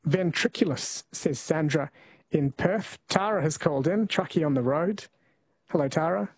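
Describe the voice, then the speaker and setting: A man's voice: a little high, normal speed, darkish tone, slightly rough, no room sound, poor audio. A man hosting a radio call-in quiz, chatting casually with callers and often correcting himself mid-sentence. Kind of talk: casual talkback radio chat.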